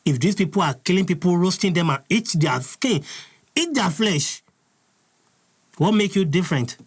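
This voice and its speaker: A man's voice: high voice, expressive, normal speed, slightly rough. A Nigerian man hosting an impassioned commentary, furious and preaching, repeating his points. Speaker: host.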